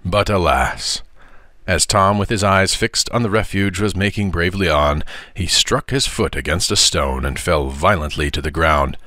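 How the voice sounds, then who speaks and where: A man narrates a classic novel with a deep, low voice in a measured, expressive way. His tone is bright and clear, and the recording is dry, with no room sound. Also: dry recording. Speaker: father reading aloud.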